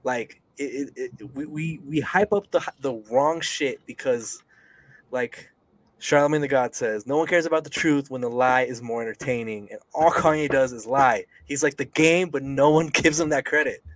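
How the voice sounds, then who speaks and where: A man's voice: medium pitch, moderate pace, no room sound. Profane young man ranting on a podcast. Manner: heated, profane ranting with sighs. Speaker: podcast co-host. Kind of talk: casual podcast chat.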